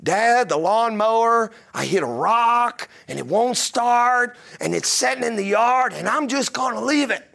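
A man voicing his flustered teenage son in a sermon story, raising his pitch for the boy. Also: animated, a little slow, vocal fry, hardly any pauses, a bit bright, heavily acted.

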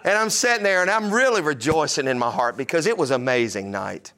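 A man's voice: on the high side, animated, fast talker, pushed and bright. A man preaching a sermon in a conversational, joking way, often putting questions to his listeners. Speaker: pastor.

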